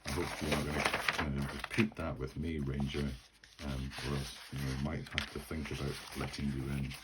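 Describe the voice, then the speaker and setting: A man doing a grumbling gatekeeper, very deep. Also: level tone, normal speed, heavy background noise. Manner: grumbling, then apologetic. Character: grumbling male town gatekeeper, officious.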